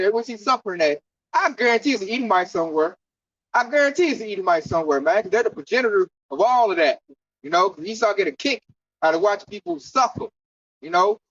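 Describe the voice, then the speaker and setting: Slangy fired-up preacher guy, mid pitch, muffled dry lo-fi audio. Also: a bit bright, no echo. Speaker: camp teacher. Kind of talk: street sermon teaching. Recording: dull lo-fi dry recording.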